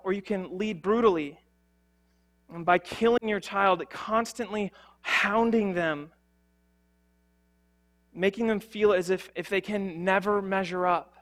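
A man's voice: sits high, fairly bright tone. A young man preaching a sermon as a pastor, earnest and conversational, with frequent fillers and restarts.

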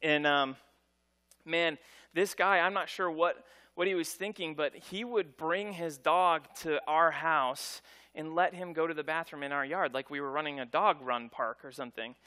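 Middle-aged male pastor, casual storytelling sermon, bright higher voice. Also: moderate pace. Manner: conversational, animated storytelling with voiced quotes.

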